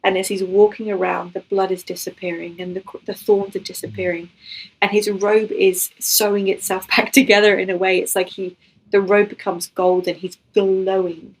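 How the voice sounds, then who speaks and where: A woman's voice: medium pitch, little pitch movement, normal speed, poor audio. A woman giving a personal faith testimony as a guest, telling her story in an earnest, emotional way and acting out what was said.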